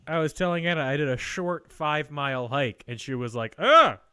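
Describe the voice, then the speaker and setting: A man's voice: fairly high pitch, brisk, a bit bright, clear, resonant tone, no echo, clean studio sound. An American man hosting a movie podcast, talking in a put-on Australian accent in casual, jokey chat. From United States. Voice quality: exaggerated jokey delivery. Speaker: podcast host.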